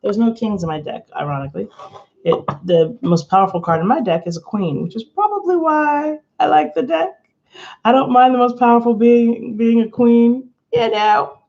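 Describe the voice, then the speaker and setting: Chatty and giggly, this adult tarot reader drifts between her cards and her live-stream audience at a normal speed. She has a fairly high, mellow, animated voice, picked up by a low-angled webcam or phone in slightly muffled lo-fi sound.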